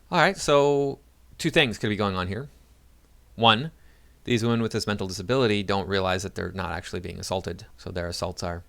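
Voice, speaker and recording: A man's voice: on the low side, vocal fry, a bit bright. A man giving casual reaction commentary to his viewers, rambling with many fillers and restarts. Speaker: video commentator.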